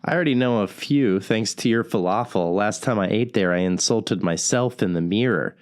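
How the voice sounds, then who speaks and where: A man's voice: fairly low pitch, normal speed, natural voice. A man playing a wry, broke radio host. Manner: wry, self-deprecating, laughs often. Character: broke, self-deprecating male radio host.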